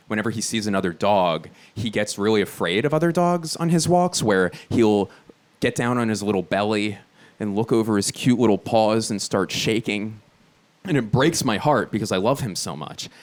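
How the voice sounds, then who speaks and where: A man in his thirties from Philadelphia doing a stand-up comedy set on stage, animated and often leaping into shrieking high voices for his bits. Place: theater stage before a live audience. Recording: live show with loud audience noise.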